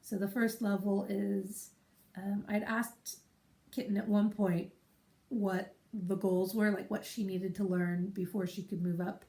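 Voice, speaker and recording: A woman's voice: medium pitch, level tone, a little slow, warm tone, echoey room. A woman hosting her podcast from a room at home, chatting casually in a rambling way and breaking off for side remarks. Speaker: podcast host. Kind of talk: casual chat.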